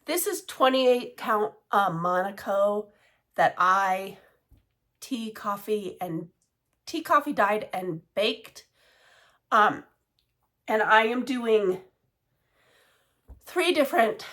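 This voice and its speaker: A woman's voice: medium pitch, lively intonation, slow, pauses often, fairly bright tone. A woman casually chatting about her cross-stitch projects, rambling with many fillers and side remarks. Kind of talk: casual show-and-tell chat.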